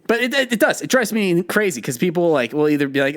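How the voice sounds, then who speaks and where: A man co-hosting a podcast, talking in casual banter, emphatic and quick to laugh. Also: sits high. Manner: animated and emphatic, laughs often. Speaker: podcast co-host.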